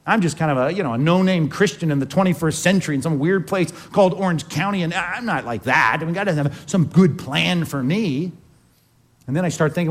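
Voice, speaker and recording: A man's voice: fairly high pitch, brisk. A man preaching a sermon in a conversational way, often putting questions to the congregation. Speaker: pastor.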